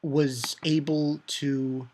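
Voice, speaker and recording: A man giving a casual manga chapter review, excitable and profane, rambling with many fillers. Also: fairly high pitch, drawn-out words, slight background noise.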